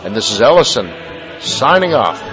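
A man reading a short comic story aloud in a dry, deadpan storytelling way. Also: mid-range voice, normal speed. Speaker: story contributor. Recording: dull lo-fi with faint music.

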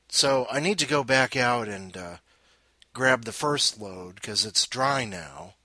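A man hosting a podcast, tired and sarcastic, swinging from loud outbursts to muttering. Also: mid-range voice, slightly rough, dry recording. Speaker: podcast host. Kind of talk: casual rant.

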